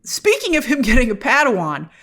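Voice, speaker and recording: Animated woman host, lively high voice. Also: a little fast. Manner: animated and exasperated, often mock-quoting characters; talks directly to the viewers with questions. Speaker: host of an online show reviewing film and TV. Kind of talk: casual spoken review commentary.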